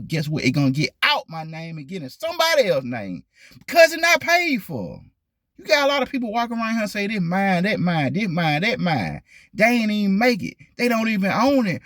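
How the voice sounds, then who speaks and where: Husky man, lively and emphatic. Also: on the high side, no room sound, clean studio sound. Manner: emphatic, repeats points for stress; talks straight to viewers, asks them questions. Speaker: vlog host. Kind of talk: casual talk to camera.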